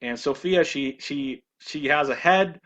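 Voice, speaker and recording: A man's voice: on the high side, a bit bright. Male presenter, casual talk, stumbles and restarts a lot, dull lo-fi recording. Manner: halting, with frequent restarts and repeated words. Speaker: ministry video presenter. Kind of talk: casual monologue.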